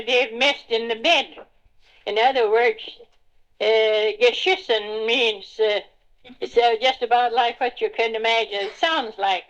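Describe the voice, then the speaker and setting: Unhurried older woman reminiscing. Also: fairly high pitch, dull audio. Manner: unhurried, searching for words with many pauses; translates old German songs with homely humor. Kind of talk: reminiscing in a home recording.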